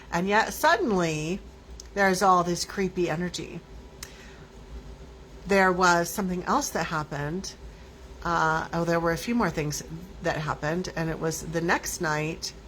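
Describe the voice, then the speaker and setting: A woman hosts her own talk show and tells a personal story at an unhurried pace in a fairly low voice. She rambles and restarts her sentences often. A faint hiss sits under the recording. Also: a bit bright. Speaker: host. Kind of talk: casual storytelling monologue.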